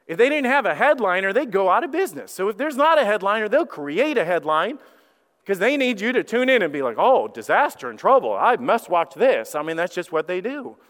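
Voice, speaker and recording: A man preaching a sermon as lead pastor, animated, acting out quoted prayers and repeating his words. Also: high voice, fairly quick, big-room sound. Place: church sanctuary.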